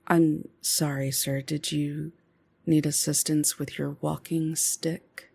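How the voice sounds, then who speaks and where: A courteous helper who fusses over a stranger, as a woman puts her on at the gaming table. Her voice sits low and unhurried, and every line is gentle and overly polite. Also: flat delivery, vocal fry, husky, no room sound, heavily acted. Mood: solicitous. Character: polite, solicitous woman with nursing experience.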